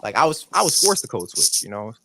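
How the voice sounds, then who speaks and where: A man from Chicago co-hosting a podcast, telling a story in a relaxed, halting way. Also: mid-range voice, a little hiss or hum. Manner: relaxed, hesitant with fillers. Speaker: podcast co-host. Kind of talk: casual storytelling chat.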